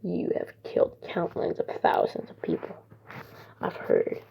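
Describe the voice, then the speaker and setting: A woman voicing a stern young male alien warrior who threatens a tyrant in a low, hushed, gruff voice. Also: measured pace, slight background noise, lightly acted. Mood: threatening. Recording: dull lo-fi recording.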